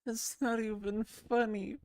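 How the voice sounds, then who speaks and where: A woman's voice: fairly high pitch, level tone, slow, darkish tone, no room sound. A sleepy woman streamer chatting casually with her chat, giggling and rambling as she laughs at herself. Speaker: VRChat streamer.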